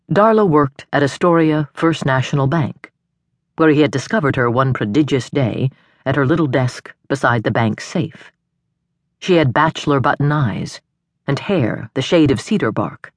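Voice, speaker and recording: A woman narrating a suspense audiobook in a measured, expressive storytelling manner, recorded on a studio microphone. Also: sits low, no echo.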